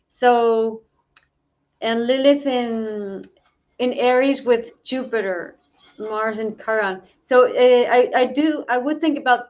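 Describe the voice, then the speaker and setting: A woman co-hosting as astrologer, reading out a chart in a thoughtful, measured way. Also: fairly high pitch, dull audio. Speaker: astrologer and co-host. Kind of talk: astrology commentary.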